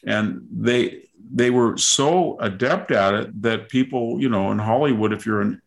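Gravelly low-voiced older man. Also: measured pace. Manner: discursive, piles up lists and mock quotations. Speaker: podcast host. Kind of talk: casual political commentary.

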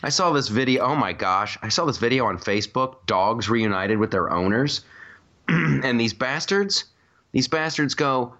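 A man hosts a casual comedy podcast and rambles through his stories, restarting sentences and laughing as he goes. His voice sits at an ordinary middle pitch. The recording sounds slightly dull and lo-fi. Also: lively intonation, unhurried, pushed and bright. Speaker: podcast host.

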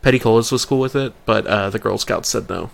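Casting: low gravelly young dad, dry and laid-back in casual chat. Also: male voice, fairly quick. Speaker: parent.

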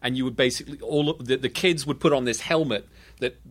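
Transatlantic-accented British man, relaxed chat. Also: mid-range voice. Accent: transatlantic, not strongly British. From United Kingdom. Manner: halting, frequent restarts, laid-back. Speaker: guest. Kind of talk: casual chat.

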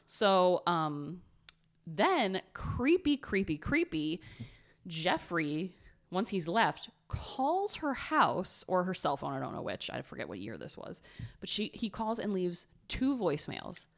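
A woman casually retelling a true crime story on a podcast, animated and blunt, acting out quotes. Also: on the low side, slow. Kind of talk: casual chat.

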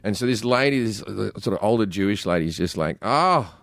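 A man's voice: on the low side, fast talker, vocal fry, no echo, studio quality. A man who is a comedian, telling stories in casual podcast chat, swearing freely and stumbling over his words. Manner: swears freely, stammers and restarts. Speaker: comedian guest.

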